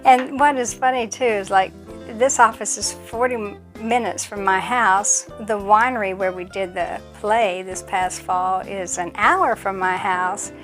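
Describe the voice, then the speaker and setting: A middle-aged woman vlogger chatting casually, telling an anecdote in an animated way and acting out other people's voices. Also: medium pitch, a little slow, faint music behind. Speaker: vlogger and community theater actress.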